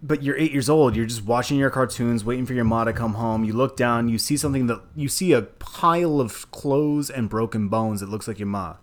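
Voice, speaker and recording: Animated, profane man chatting movies. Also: medium pitch, brisk, hardly any pauses. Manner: animated, profane, laughs often. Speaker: podcast co-host. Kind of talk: casual movie discussion.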